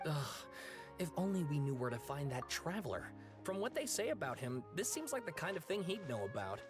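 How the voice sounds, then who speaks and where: A man voicing a hesitant, earnest young male scholar in a video game, speaking with frequent pauses and fillers. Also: a little high, big pitch swings. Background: game music.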